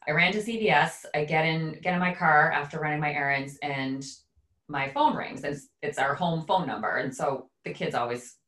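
A woman in her thirties, a podcast co-host, telling a story in a casual, animated way. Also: deep voice. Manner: animated, acts out quoted voices.

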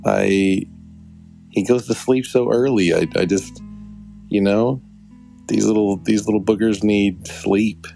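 A man's voice: lowish voice, steady tone, takes it slowly, gravelly, long pauses, dark tone, faint music behind. A young adult man hosting a podcast, telling a rambling, affectionate story with many restarts. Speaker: podcast host. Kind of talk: casual storytelling.

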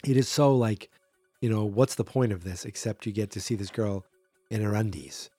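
A man's voice: on the low side, moderate pace, warm tone, husky, no echo, faint music behind. A man hosting a solo podcast, rambling through a movie in casual commentary and acting out quotes in a raised voice. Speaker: podcast host.

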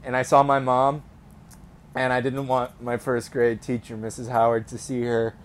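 A man's voice: mid-range voice, completely flat delivery, normal speed, slight background noise. A young man co-hosting a casual podcast, telling a story in a rambling way with many fillers and restarts. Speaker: podcast co-host.

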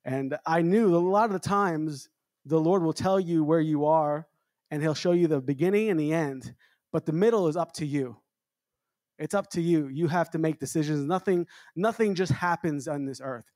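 A traveling minister preaching to a congregation in a chatty, storytelling way, often adding "amen" and restarting phrases. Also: male voice, a little high, a little mellow, dry recording, studio quality. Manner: conversational preaching with repeated amens. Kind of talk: sermon.

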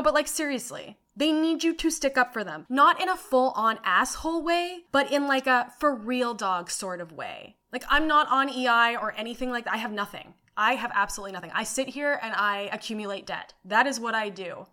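A young woman hosting her own podcast, telling stories in an animated way, swearing freely and saying "like" often. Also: sits high, normal speed. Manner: animated, swearing storyteller with frequent "like". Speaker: podcast host. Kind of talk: casual solo podcast monologue.

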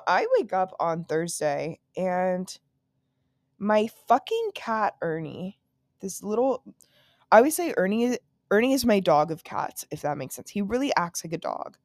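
Chatty, swearing young woman, low-pitched. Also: big pitch swings, a little slow, darkish tone, no echo, clean studio sound. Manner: chatty and profane, with frequent "like" and laughing asides. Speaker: podcast host. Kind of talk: casual solo storytelling. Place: at home in her apartment.

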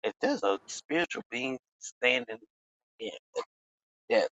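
Man, podcast host, casual storytelling, swearing, lively swinging pitch, muffled lo-fi audio. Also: slow, no room sound. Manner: profane, animated storytelling with sudden exclamations.

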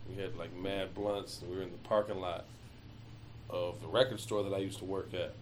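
A man's voice: low voice, brisk, slight background noise. A man from Michigan telling stories in a casual chat, swearing a lot and acting out what people said. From Michigan, USA. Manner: animated storyteller, heavy swearing, acts out quotes.

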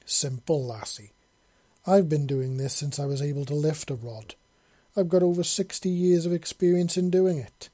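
A man voicing a gruff, stern old fisherman in a science-fiction audiobook, boastful and fond of calling people lassie. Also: on the high side, normal speed, warm tone, dry recording, lightly acted.

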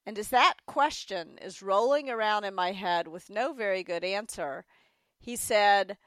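A middle-aged woman, an interview guest and author, telling candid stories with lively quoted voices. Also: medium pitch, a little slow, dry recording. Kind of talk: storytelling in an interview.

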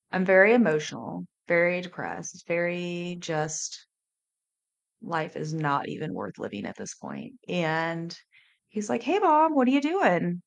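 A woman in her thirties with a low voice tells her own story on a podcast. She speaks slowly, candidly and with emotion, often pausing and restarting as she goes. She sounds like a coach opening up about her past. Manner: candid, emotional, halting confessional telling. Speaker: life coach and podcast host.

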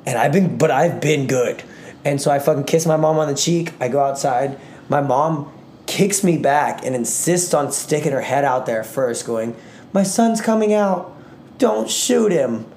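A young man co-hosting a podcast, telling a long profane story in a rambling, animated way. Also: mid-range voice, moderate pace, a little hiss or hum. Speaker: podcast co-host. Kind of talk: casual storytelling chat.

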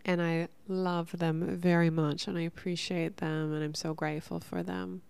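Brief: woman podcast host, lowish voice with smooth, resonant tone, earnest and relaxed. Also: normal speed. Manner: earnest, relaxed, casual swearing. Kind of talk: casual reflective monologue.

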